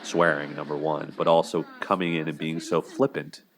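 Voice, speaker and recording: A man's voice: extremely low pitch, little pitch movement, moderate pace, background noise. A man hosting a casual video series, analysing a couple's fight in a rambling way and acting out their lines. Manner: rambling, many fillers and restarts, acts out quotes.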